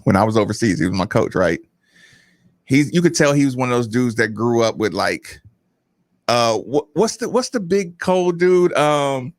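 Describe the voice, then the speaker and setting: Animated laughing male radio co-host. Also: medium pitch, dry recording, studio quality. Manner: animated, laughing storyteller who acts out quotes. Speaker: radio co-host, former basketball player. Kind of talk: casual sports radio storytelling.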